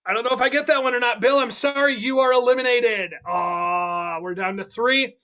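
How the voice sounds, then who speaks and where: A man hosting an online improv comedy game, playful and quick, with laughing asides. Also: extremely high pitch, pushed and bright, lo-fi sound.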